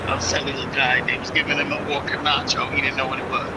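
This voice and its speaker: Man chatting over loud outdoor noise. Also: medium pitch, completely flat delivery, fast. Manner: rambling, loose and conversational. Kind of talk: casual chat.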